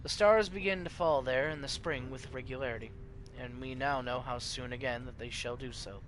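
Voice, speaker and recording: A male streamer reading game text aloud in a stately, measured narrating manner, over game music. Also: medium pitch, fairly bright tone, a little hiss or hum, low-quality recording.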